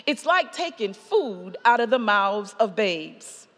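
A woman's voice: medium pitch, sing-song, takes it slowly, fairly bright tone. Woman quoting a firm old grandmother. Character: older grandmother, firm and plainspoken. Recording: long hall reverb.

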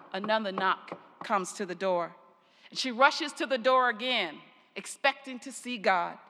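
Older woman, pastor, sermon, storytelling, higher voice, softly trailing endings, echoing church hall. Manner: slow, deliberate storytelling with soft trailing endings. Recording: long reverb of a large hall.

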